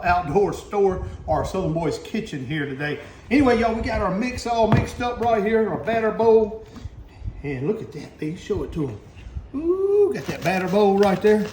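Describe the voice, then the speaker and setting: A man with a Louisiana accent showing how he fries catfish, calling out to viewers with excited exclamations. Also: sits high, slight background noise. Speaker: cook and channel host. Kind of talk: cooking demonstration. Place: store kitchen.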